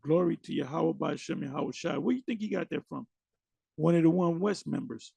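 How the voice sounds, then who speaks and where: High gravelly man, mocking commentary. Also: fairly quick, dark tone, no echo. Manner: mocking, blunt, swears freely. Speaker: commentator reacting to videos. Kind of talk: casual reaction commentary.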